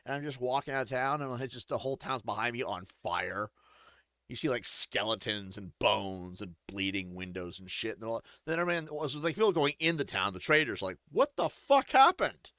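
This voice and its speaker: A man's voice: medium pitch, brisk, pushed and bright, dry recording, studio quality. A man giving rambling, joking, profane let's-play commentary while playing a game. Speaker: gaming streamer.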